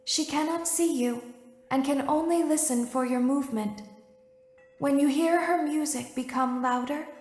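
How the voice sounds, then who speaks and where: An eerie animatronic guide. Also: female voice, high-pitched, darkish tone. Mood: calm, eerie. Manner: measured, soothing instructions. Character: calm female animatronic guide, eerie and instructing. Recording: echoey hall with faint music.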